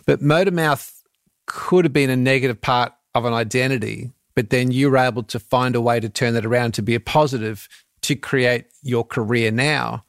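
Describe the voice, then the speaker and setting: A man's voice: medium pitch, fairly even intonation, moderate pace, dry recording, studio quality. Man host asking long rambling questions. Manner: rambling, multi-part questions. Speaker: radio show host. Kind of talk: interview questions.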